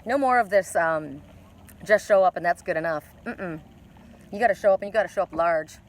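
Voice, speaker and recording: A woman's voice: fairly low pitch, a little fast. A woman doing a live oracle card reading outdoors by a lake, chatty and blunt, swearing casually.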